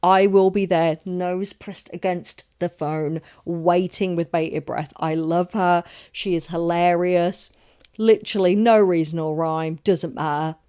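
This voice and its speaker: A woman's voice: lowish voice, fairly even intonation, a little slow, mellow, clean tone. A young woman from London, hosting a solo podcast in a chatty, rambling, emphatic way, swearing often and making asides about herself. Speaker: podcast host. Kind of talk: casual solo podcast rant.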